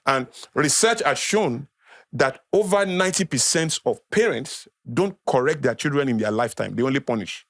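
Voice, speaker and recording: A man's voice: mid-range voice, lively intonation, moderate pace, no echo, studio quality. A man with a Nigerian accent, a podcast guest lecturing in a conversational way, repeating key phrases for emphasis. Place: podcast studio.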